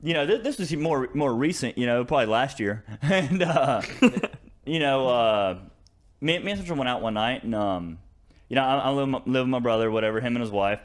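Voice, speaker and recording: Expressive and at a moderate pace, a young man with a mid-range voice and a Southern American accent rambles through a long story as a co-host on a casual podcast. He fills it with fillers and restarts and laughs while telling it.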